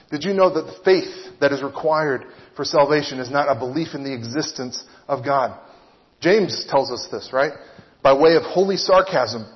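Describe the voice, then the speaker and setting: A man's voice: medium pitch, big-room sound, lo-fi sound. A man preaching a sermon, earnest and teaching, often posing rhetorical questions to his listeners.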